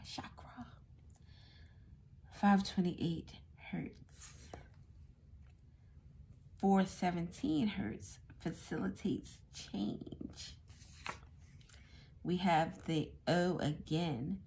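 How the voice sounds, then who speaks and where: A woman reads tarot cards in a casual monologue, musing aloud in an unhurried, drawn-out way. Her voice sits a little low for a woman. A faint hiss of noise runs under the recording. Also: creaky. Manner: musing aloud, thinking out loud. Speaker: tarot reader.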